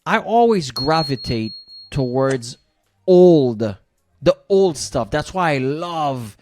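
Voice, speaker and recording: A man's voice: on the high side, lively intonation, slow pace, a little mellow, no room sound, studio quality. A man co-hosting a video reaction show, chatting casually and animatedly, often stammering and repeating words. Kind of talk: casual chat.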